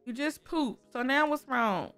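A woman's voice: high-pitched, lively intonation, unhurried, fairly bright tone, faint music behind. A woman casually commenting on her game, chatty and exclaiming, talking to viewers and to the characters, with speech. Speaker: gaming YouTuber.

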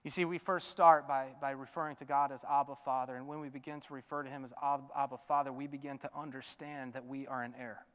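Guy preaching a sermon, smooth resonant voice, gets loud then goes real quiet. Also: medium pitch, flat delivery, fast, few pauses, big-room sound. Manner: dynamic, swinging from loud urging to soft hush. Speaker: pastor. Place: church sanctuary.

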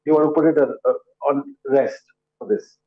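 A man's voice: medium pitch, fairly even intonation, fairly quick, phone-quality sound. A man anchoring a live TV news panel, firing pointed, pressing questions at his guests.

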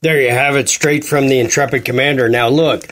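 A man's voice: medium pitch, steady tone, fairly quick, a bit bright, soft background music. Fired-up ranting talk radio man. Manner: fired-up, indignant, rambling. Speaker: radio show host.

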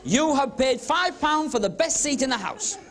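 A man doing comic magic patter on a club stage, teasing audience volunteers with quick cheeky asides. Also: extremely high pitch, expressive, fairly bright tone. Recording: 1970s TV broadcast with crowd laughter and hiss. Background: audience laughing and murmuring.

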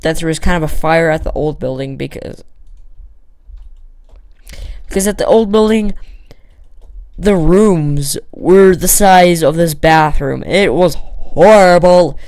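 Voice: medium pitch, gravelly, a little mellow, no echo. A gamer giving casual, rambling commentary while building in a block game, with lots of fillers and self-talk. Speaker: Minecraft let's player.

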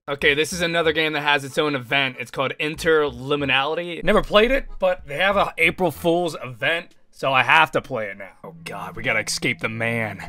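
A young man giving loud, excitable gameplay commentary with frequent yelling and swearing. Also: fairly high pitch, fairly quick, few pauses, faint music behind. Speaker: gaming YouTuber.

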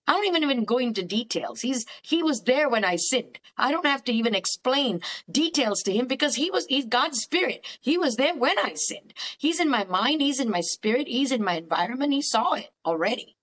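A woman therapist speaks with a high, bright-toned voice. She is lively and emphatic, and she keeps slipping into acted-out dialogues while discussing faith and healing in a podcast conversation. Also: brisk, few pauses. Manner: animated, emphatic, acts out quoted dialogues. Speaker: cognitive therapist, podcast guest. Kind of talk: faith-based counselling conversation.

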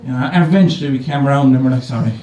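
A stand-up comedian with a medium-pitched voice tells a comic story very fast on a comedy venue stage. His delivery is casual, conversational and full of swearing, animated as the live audience laughs. The recording is echoey, his voice sounds distant, and audience noise is audible.

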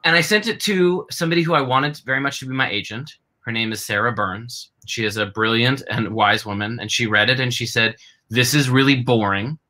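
A man's voice: mid-range voice, a little fast, few pauses, bright, forceful tone, rough recording. A man moderating a book talk over a video call, playful and enthusiastic. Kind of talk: casual chat.

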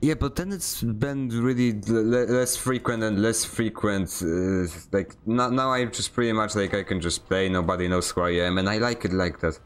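A man's voice: lowish voice, steady tone, normal speed, hardly any pauses, clean tone. A man streaming a video game, chatting casually in a rambling, joking way, often stammering and restarting his sentences. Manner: joking, self-mocking. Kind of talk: casual chat while gaming.

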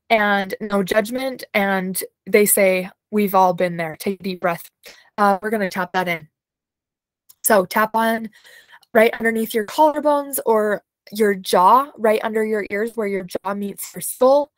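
Woman, guided imagery practitioner, soothing, unhurried, medium pitch, dry sound. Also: no echo, poor audio. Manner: slow, soothing guidance with soft laughs and yawns. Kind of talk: unscripted guided imagery session.

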